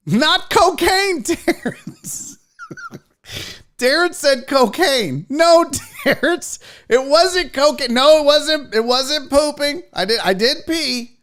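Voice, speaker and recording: A man's voice: very high voice, expressive, slow, a bit bright. A man hosting a live sports talk show, chatting loosely with viewers in a rambling, profane way. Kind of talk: casual live-stream chat.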